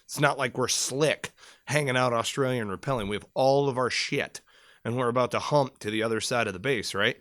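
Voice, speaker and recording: A man co-hosting a casual podcast, spinning a long, profane story with lively energy. His voice is bright and forceful. The sound is close and dry, with no room around it. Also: mid-range voice, fairly quick, no echo. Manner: animated, profane, rambling storyteller. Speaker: podcast co-host, former Marine.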